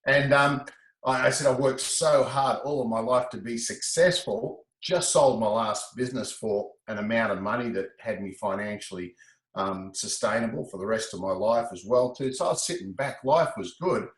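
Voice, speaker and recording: A middle-aged man, a guest telling his story in a casual interview, animated and quick to laugh. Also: mid-range voice, roomy sound, poor audio. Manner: animated, breaks into laughter, repeats words.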